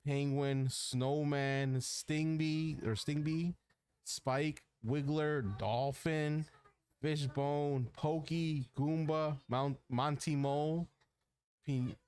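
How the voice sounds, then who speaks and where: A man's voice: on the high side, fairly even intonation, drawn-out words, a little mellow, smooth. A man co-hosting a casual gaming podcast, reading through a long character list and stumbling over names. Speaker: podcast co-host.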